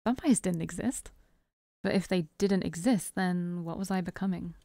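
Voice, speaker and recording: A woman streamer reading a visual novel aloud in an expressive voice, stopping for chatty, self-deprecating asides. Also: lowish voice, moderate pace, dry recording, studio quality. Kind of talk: reading game text aloud with casual asides.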